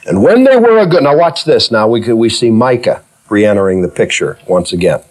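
A man preaching a sermon, reading scripture and acting out its figures in everyday speech, moving from hushed low passages to loud, high exclamations. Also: expressive, normal speed.

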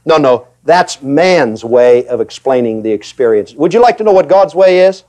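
A male preacher delivering a sermon with a notably high-pitched voice. He is animated and emphatic, slipping into little acted voices of hesitant listeners and hammering points home with repetition. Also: moderate pace. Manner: animated, acts out voices of reluctant believers.

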